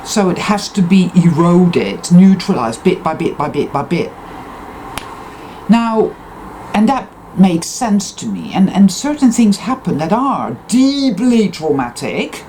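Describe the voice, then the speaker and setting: A woman's voice: fairly low pitch, sing-song, slow pace, warm tone, a little hiss or hum, poor audio. A woman in an unscripted personal monologue, speaking intensely and emphatically, often swearing. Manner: emphatic, intense and profane self-affirmation. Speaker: spiritual vlogger.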